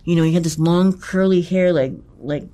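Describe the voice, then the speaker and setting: A man's voice: a little high, steady tone, dark tone. Cursing man telling a harrowing story. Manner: profane, halting, with frequent restarts and fillers; intense, emphatic repetition. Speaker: interviewee. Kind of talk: recounting a personal ordeal in conversation.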